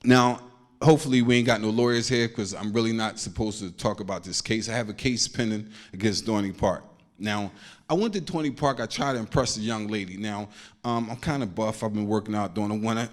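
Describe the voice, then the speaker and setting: A man's voice: lowish voice, a little fast. Slangy stand-up comic man. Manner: loose slangy storytelling, acts out quotes. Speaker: stand-up comedian. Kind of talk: stand-up comedy set.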